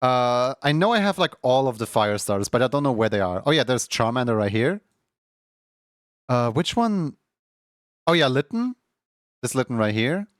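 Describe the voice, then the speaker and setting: A man's voice: mid-range voice, sing-song, moderate pace, pauses often, no room sound. Young male streamer, rambling casual chat, dry close sound. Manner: rambling, heavy filler words, laughs often. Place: home room.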